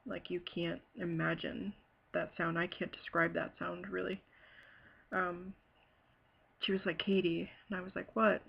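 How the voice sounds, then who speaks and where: A woman from Ohio telling a personal story in a halting, hesitant way, full of fillers and pauses. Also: fairly low pitch, level tone, creaky, slightly rough, lo-fi sound. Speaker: bereaved sister telling her story. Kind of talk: personal testimony.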